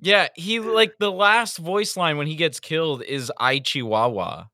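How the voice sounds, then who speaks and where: A man's voice: high voice, expressive, a little slow, bright, forceful tone, no echo. A man co-hosting a casual review podcast, blunt and exasperated, swearing casually into a close mic. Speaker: podcast co-host.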